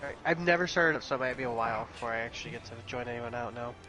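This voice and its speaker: A man's voice: mid-range voice, racing, over music. Man joking around on voice chat. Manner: joking, teasing. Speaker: gamer chatting with friends. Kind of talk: casual voice chat.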